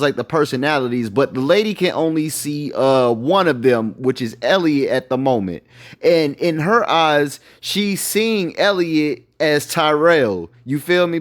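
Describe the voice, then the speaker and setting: A man casually talking through a fan theory, loose and chatty with lots of fillers. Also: medium pitch. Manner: loose and chatty, many fillers, keeps saying "you feel me". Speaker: YouTuber explaining a fan theory. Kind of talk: casual explanatory monologue.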